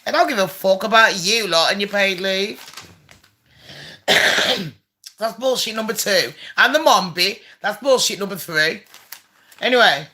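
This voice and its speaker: A woman's voice: medium pitch, expressive, measured pace, pauses often, sharp tone. A woman hosting her own channel, reading a letter aloud and tearing into it with profane, mocking, sarcastic commentary. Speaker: channel host.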